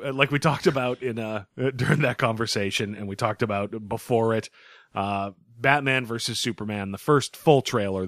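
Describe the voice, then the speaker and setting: A man's voice: lowish voice, fairly bright tone, no echo, studio quality. A man hosting a podcast, chatting casually, joking and swearing freely. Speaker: podcast host.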